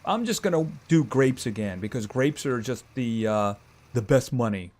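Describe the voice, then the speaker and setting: Playing a farming game on a live stream, this man chats easily with his audience, reading their messages out and addressing the animals in the game. He sounds animated and a little mellow, at medium pitch and normal speed.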